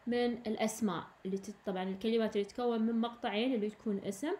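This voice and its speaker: In a recorded classroom lesson, a female English teacher whose first language is Arabic explains each point in English and then repeats it in Arabic. Her voice is fairly high and a little mellow, with slight background noise.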